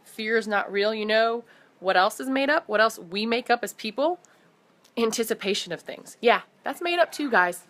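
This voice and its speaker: A woman in her thirties with a somewhat high voice gives a casual motivational talk to camera. She is animated and enthusiastic and keeps calling out to her viewers as "guys". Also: normal speed. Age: 30s. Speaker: motivational vlogger.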